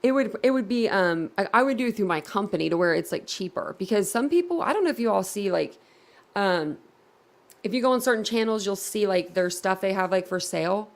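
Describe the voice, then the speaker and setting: A woman's voice: medium pitch, animated, brisk. A woman hosting a casual livestream and chatting to her viewers in a giggly, easily flustered way. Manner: giggly and easily flustered, talks straight to the chat. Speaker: livestream host.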